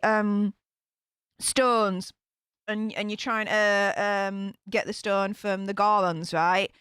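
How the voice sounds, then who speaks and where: A woman from Northern England with a Yorkshire accent chats casually with her live-stream viewers, reading the live chat as a YouTube commentator. Her rambling talk is full of fillers and restarts. Her voice is fairly high and fairly bright, clean and free of room sound, with a clean studio quality.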